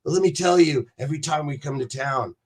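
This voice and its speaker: A man's voice: a little high, fast, a little mellow, husky. Man doing a brash rock frontman's speech. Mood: mock indignant. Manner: blunt, profane, mock-grand speechmaking. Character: brash middle-aged male rock frontman lecturing a crowd.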